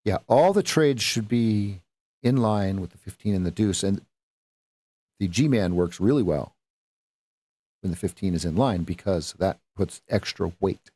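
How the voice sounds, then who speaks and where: A man's voice: low-pitched, animated, measured pace, mellow, husky, dry recording. A man coaching viewers through live trades on a stream, talking in a rambling, self-correcting way and throwing in playful sound effects. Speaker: trading coach. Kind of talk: live-stream market commentary.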